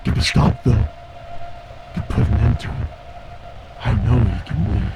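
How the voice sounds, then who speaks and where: A man's voice: fairly low pitch, a little slow, mellow, soft background music, natural voice. A man playing a raving young man gripped by wrath, ranting and menacing.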